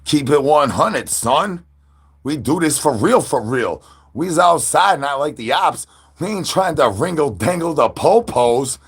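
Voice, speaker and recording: A man's voice: a little high, animated, a little slow, husky. A man chatting with viewers on a livestream while standing outdoors, playful and full of goofy catchphrases and animal noises.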